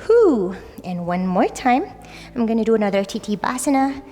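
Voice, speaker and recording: Very animated yet mellow, this yoga instructor's slightly high voice moves at normal speed. The young woman guides her class in an easygoing, cheerful way, often saying "like" and "right?", with long reverb and faint music behind her.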